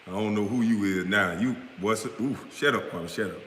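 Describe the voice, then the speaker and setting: A man's voice: on the low side, a little fast, fairly bright tone, slight background noise. Male streamer, angry profane rant, recorded in a roomy space with long reverb. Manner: profane, confrontational, trash-talking. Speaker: live-stream host. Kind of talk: heated live-stream rant.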